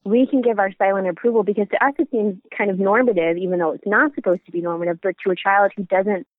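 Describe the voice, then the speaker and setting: A woman's voice: medium pitch, fairly even intonation, quick pace, no echo. A middle-aged woman chatting casually as a parenting podcast co-host, telling stories and laughing now and then. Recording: phone-like remote audio.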